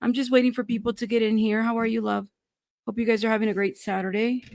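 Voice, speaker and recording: A woman's voice: a little high, little pitch movement, fast, creaky, darkish tone, no echo. A woman hosting a casual live stream, upset and a bit scattered as she greets viewers and fumbles with her screen.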